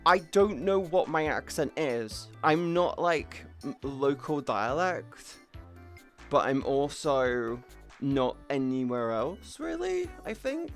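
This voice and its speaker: A young British man streaming from home, rambling casually and chatting with viewers, now and then swearing. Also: medium pitch. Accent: British English. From Britain. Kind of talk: casual live-stream chat.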